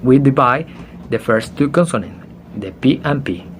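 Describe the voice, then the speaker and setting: A young man whose first language is Spanish, giving a halting class presentation, stopping to spell out letters and correct himself. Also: mid-range voice, animated, a little hiss or hum. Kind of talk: slow explanatory class presentation.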